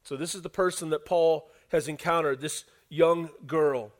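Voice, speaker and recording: High-voiced animated male preacher. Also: moderate pace. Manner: animated preacher, acts out quotes, talks to congregation. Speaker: pastor. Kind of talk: sermon.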